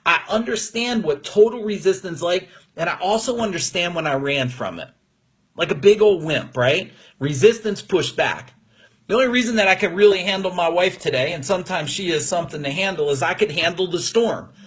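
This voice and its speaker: A man who coaches business owners, giving an energetic, emphatic motivational talk on a livestream from his room. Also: high-pitched, brisk, breathy edge. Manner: energetic, emphatic, gets emotional.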